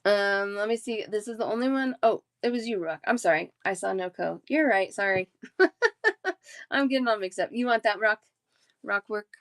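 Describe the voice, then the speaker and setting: A woman's voice: medium pitch, expressive, normal speed, fairly bright tone, dry recording, studio quality. A woman in her thirties, a talkative and giggly live-stream bead seller chatting casually with her viewers.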